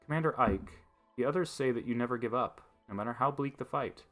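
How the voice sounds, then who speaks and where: A man voicing an earnest, sincere young noblewoman knight in a game, speaking softly and earnestly. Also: medium pitch, fairly quick, soft background music, close to an everyday voice.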